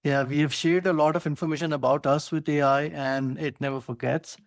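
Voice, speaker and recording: A man's voice: fairly high pitch, steady tone, brisk, gravelly, dry recording, clean studio sound. A man with an Indian accent co-hosting a podcast, explaining technology eagerly with many "you know" fillers. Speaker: co-host. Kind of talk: casual tech podcast chat.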